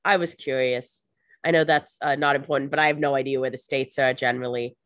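A woman co-hosting a casual podcast, throwing in quick jokes and asides. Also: rumbling low, fairly even intonation, dry recording, clean studio sound. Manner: joking asides, quick quips. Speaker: podcast co-host. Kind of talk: casual chat.

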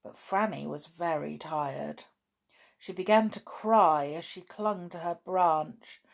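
A woman reading a children's book aloud, expressive, with chatty asides. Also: lowish voice, slow, vocal fry. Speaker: storybook reader.

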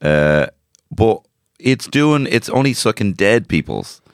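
A man's voice: fairly low pitch, takes it slowly, dry recording. Dublin guy cracking crude jokes on a podcast, bouncy delivery, dead dry sound. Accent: Dublin Irish. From Ireland. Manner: crude, joking, animated storytelling. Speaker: podcast co-host. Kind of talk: casual comedic chat.

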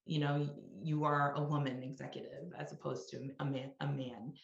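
Middle-aged woman exec, low voice, reflective chat, roomy dull recording. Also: level tone, moderate pace, creaky. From New York. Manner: reflective, peppered with "you know" and "right?". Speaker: executive guest. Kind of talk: conversational interview. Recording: roomy, slightly dull sound.

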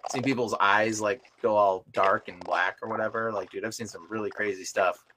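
A young man chatting casually on a podcast as a deliverance minister, telling animated stories full of filler words. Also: on the low side, moderate pace. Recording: noisy live recording with clicks.

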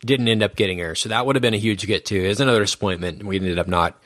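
A man's voice: on the low side, racing, fairly bright tone, dry recording, studio quality. A man co-hosting a podcast, telling a rambling anecdote in casual chat with lots of restarts. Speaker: podcast co-host.

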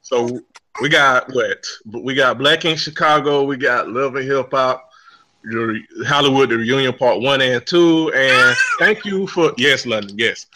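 A man's voice: mid-range voice, unhurried, pushed and bright, slight background noise. A man hosting a casual podcast chat, joking and teasing, with frequent fillers. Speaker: podcast host.

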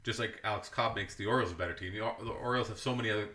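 A lower-pitched man with a bright, forceful tone, rambling through casual sports talk and often correcting himself mid-sentence. His dry humor runs through the chat, and the room around him sounds echoey. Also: very fast. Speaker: podcast co-host.

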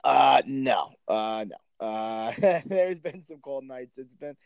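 A man co-hosting a casual podcast with a smooth, resonant voice. He tells loose, jokey stories packed with fillers and restarts. The sound is dry and close. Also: medium pitch, lively intonation, slow, no echo. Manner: laid-back, jokey storytelling with fillers. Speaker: podcast co-host. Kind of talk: casual chat.

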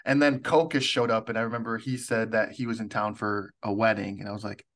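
A man's voice: fairly low pitch, little pitch movement, fairly quick, fairly bright tone. A man hosting a podcast, chatting casually, teasing and laughing easily. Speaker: podcast host. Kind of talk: casual chat.

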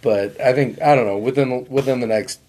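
Male podcast co-host, mid-pitched, easygoing, quick to agree and laugh. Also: mellow. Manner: laughs along, chimes in with short agreement. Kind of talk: casual chat.

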